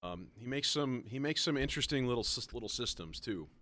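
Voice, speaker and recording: A man's voice: medium pitch, expressive, fairly quick, bright, forceful tone, dry recording, clean studio sound. A man hosting a livestream, chatting casually and rambling as he works, often swearing and poking fun at himself. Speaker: livestream host building a modular synth. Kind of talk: casual livestream chat while working.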